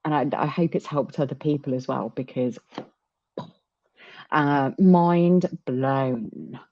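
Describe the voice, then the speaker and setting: Woman with a really low voice, chatty, lots of restarts, dull dry sound. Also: dry recording. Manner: candid, halting, many restarts. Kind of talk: casual chat.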